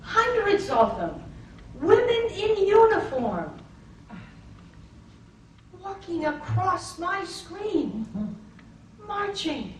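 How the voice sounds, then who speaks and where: An older woman from Massachusetts telling a personal story, expressive and wry, acting out the scenes, recorded far from the mic in an echoey room. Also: very high-pitched, very slow, long pauses, a little hiss or hum.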